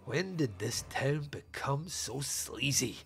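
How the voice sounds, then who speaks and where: A man playing a gruff middle-aged small-town sheriff, giving curt, clipped lines. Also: mid-range voice, expressive, takes it slowly, a bit bright, faint music behind, heavily acted.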